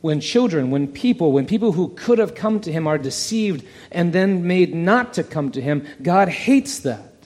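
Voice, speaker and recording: A man preaching in an animated storytelling style, his voice sitting a little high for a man. It carries a long reverb, as if he is speaking in a large church hall. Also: normal speed, few pauses. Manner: animated, acts out the parable's voices. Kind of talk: expository sermon.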